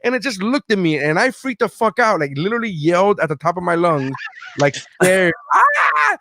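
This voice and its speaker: A young man co-hosting a podcast, telling stories in an excitable, profane, casual way. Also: high voice, a little fast. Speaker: podcast co-host. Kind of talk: casual chat.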